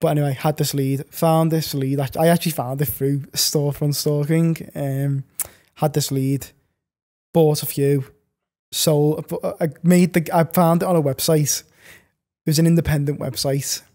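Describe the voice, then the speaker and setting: Young man, slightly high voice, mellow warm tone, rambling casual podcast guest. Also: flat delivery, measured pace. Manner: rambling, filler-heavy storytelling. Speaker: podcast guest, online reseller.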